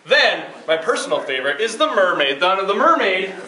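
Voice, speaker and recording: A man explaining and leading a group game with playful, energetic commands in a large indoor hall. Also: high voice, brisk, slight background noise. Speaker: youth game leader. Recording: echoey hall, mic at a distance.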